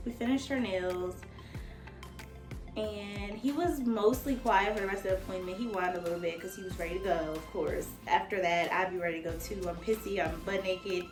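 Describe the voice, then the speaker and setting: A woman nail technician telling a casual storytime, animated and profane, talking straight to her viewers as "y'all.". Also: mid-range voice. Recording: echoey room.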